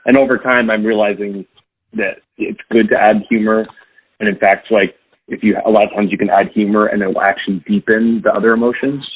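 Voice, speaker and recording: A man's voice: fairly low pitch, fairly even intonation, brisk, husky. A man who directs a game studio, answering interview questions in a candid, reflective way and thinking aloud. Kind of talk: casual podcast interview. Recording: dull lo-fi dry sound.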